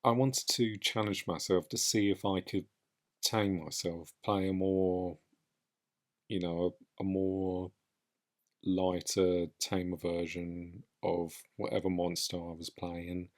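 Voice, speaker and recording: A man's voice: low voice, level tone, slow pace. A man talks on his own podcast. He speaks casually and with enthusiasm, reflecting as he goes and wandering from point to point. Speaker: podcast host.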